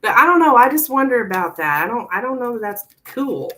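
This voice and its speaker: A woman's voice: a little high, very animated, brisk, fairly bright tone, a little hiss or hum. A woman giving a live tarot reading, chatting with viewers and thinking aloud with lots of "like.". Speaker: tarot reader.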